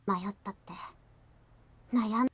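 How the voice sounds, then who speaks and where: An actress voicing a gentle young woman walking beside her commander, in soft, intimate whispered role-play from an official game ASMR clip. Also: a little high, fairly even intonation, a little fast, husky. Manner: soft, intimate, close to the ear.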